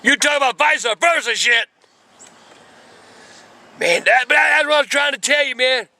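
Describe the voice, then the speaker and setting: An older man, telling a profane story in a gruff voice and breaking into shouts. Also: extremely high pitch, normal speed. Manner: gruff, cursing, bursts into shouts. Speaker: grandfather telling stories.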